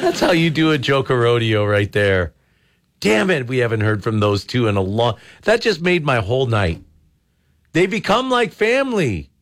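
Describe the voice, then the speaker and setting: A man's voice: medium pitch, very animated, normal speed. A man hosting a call-in radio show, chatting casually with callers and laughing often between reads. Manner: laughing, exclaiming, upbeat.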